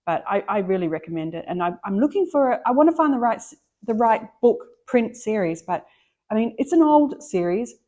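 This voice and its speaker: A woman's voice: fairly high pitch, very animated, brisk, warm tone. A middle-aged woman, chatting enthusiastically about books she loves as a book vlogger, often restarting her sentences. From Australia. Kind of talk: casual book chat.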